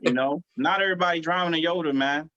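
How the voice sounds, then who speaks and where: A man's voice: fairly high pitch, quick pace, sharp tone. Emphatic man host, preachy cadence, dull lo-fi recording. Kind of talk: casual chat.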